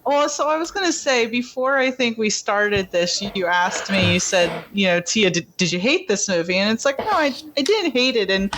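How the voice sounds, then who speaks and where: A young woman chatting as a guest film reviewer on a podcast. She talks in an animated way, laughs often and acts out lines from scenes. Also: mid-range voice, moderate pace, hardly any pauses, a little hiss or hum. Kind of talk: casual podcast chat.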